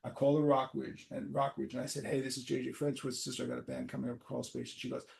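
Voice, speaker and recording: Older new york guy, gravelly dark voice, telling stories loud and swearing, does everyone's voices. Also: medium pitch, fast talker, slight background noise. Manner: animated, swears freely, acts out quoted voices. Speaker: podcast host. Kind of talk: casual storytelling. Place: apartment.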